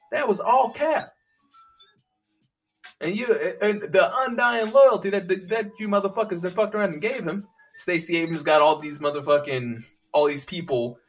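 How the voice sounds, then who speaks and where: A man ranting profanely, swinging from low muttering to loud, high-pitched outbursts. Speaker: commentator. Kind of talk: profane political rant. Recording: voice a bit far from the mic, faint music behind.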